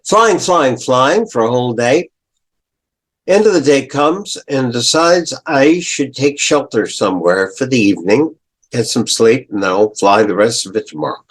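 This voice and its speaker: An older male professor retelling a story in a lecture, deliberate, clearing his throat and adding asides. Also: mid-range voice, lively intonation.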